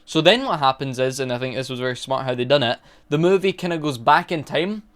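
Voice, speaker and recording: A young man with a smooth, clear voice chats through a film review at a middle pitch. He rambles through the plot, stopping to correct himself and reach for words. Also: lively intonation, fast talker, fairly bright tone. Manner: rambling plot recap with frequent restarts and filler. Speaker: movie reviewer. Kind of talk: casual spoken film review.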